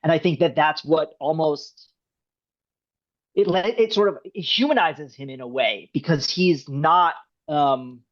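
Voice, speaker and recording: A man's voice: on the high side, measured pace. A man, a screenwriter, talking casually in an interview, rambling with many restarts. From United States. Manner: rambling, restarts often, animated. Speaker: screenwriter guest. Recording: dull lo-fi sound.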